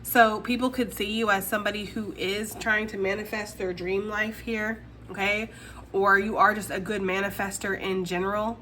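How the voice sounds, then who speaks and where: Bright-voiced chatty woman tarot reader. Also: mid-range voice, fairly even intonation, moderate pace, a little hiss or hum. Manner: chatty, laughs often, talks straight to the viewer. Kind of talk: casual tarot reading to camera.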